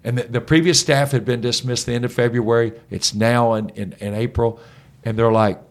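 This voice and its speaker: Gravelly middle-aged coach telling stories. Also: male voice, mid-range voice, moderate pace. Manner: animated, energetic storyteller. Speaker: head basketball coach, podcast guest. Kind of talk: conversational storytelling.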